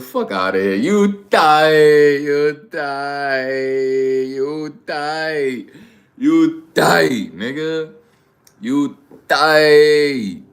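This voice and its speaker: A man from New York hosting a livestream, talking bluntly and profanely in a rambling, casual way. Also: mid-range voice. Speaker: livestream host.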